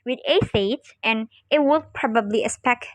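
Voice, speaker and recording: A woman's voice: a little high, no room sound. Young woman reading a phonetics lesson aloud. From Indonesia. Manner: careful, halting reading with small slips. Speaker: student presenter.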